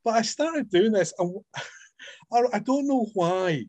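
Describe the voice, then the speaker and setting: This middle-aged man from Scotland, an author being interviewed casually, has a Scottish accent and a voice that sits high. He takes his time, animatedly acting out the voices in his stories, and the recording is dry.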